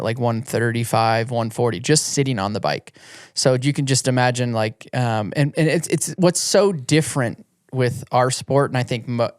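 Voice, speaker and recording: A man's voice: mid-range voice, clear, resonant tone, no echo, clean studio sound. Rambling man swearing through stories. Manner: rambling, many restarts, swears freely. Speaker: podcast guest, retired motocross champion. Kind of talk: casual storytelling chat.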